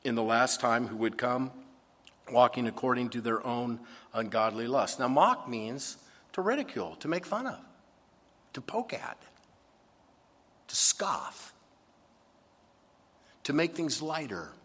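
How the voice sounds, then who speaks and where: A man preaching a sermon in an animated way, sometimes acting out complaining voices. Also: medium pitch, a little slow, long pauses, long reverb tail. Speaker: pastor.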